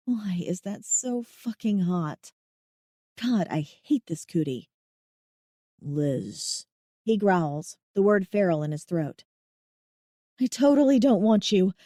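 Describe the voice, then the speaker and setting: Expressive woman reading an audiobook. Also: medium pitch, dry recording, clean studio sound. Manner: expressive, emotive reading with dramatic swings. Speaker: audiobook narrator. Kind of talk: first-person audiobook narration.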